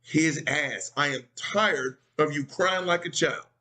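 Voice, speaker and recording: A man's voice: fairly high pitch, takes it slowly, pushed and bright. A man voicing his stern, fed-up mother as she scolds him bluntly.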